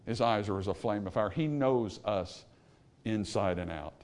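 The clip features a man giving a sermon to a congregation at a moderate pace. He swings between whispered, low sections and loud, emphatic bursts, and asks rhetorical questions.

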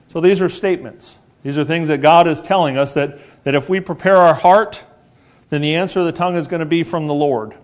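Speaking on the high side, a man in his forties preaches with earnest repetition. He asks rhetorical questions and drops his pace to stress the key words.

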